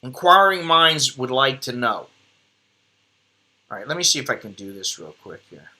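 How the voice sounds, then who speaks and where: A man's voice: medium pitch, big pitch swings, normal speed, pushed and bright. A middle-aged American man hosting a casual live stream from his computer, rambling and joking at himself. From United States. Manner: rambling, self-deprecating, joking. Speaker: host.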